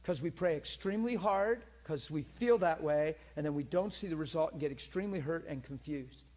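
A man preaching a sermon, telling healing stories in a lively, teasing way and laughing often, moving from quiet asides to loud peaks. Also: on the high side, brisk. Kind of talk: sermon storytelling about healings.

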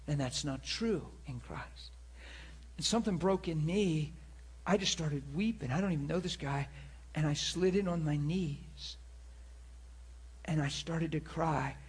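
A man's voice: a little high, measured pace, husky. A man preaching a sermon, telling a personal story in an earnest, storytelling manner. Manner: earnest, storytelling, with many repeated words.

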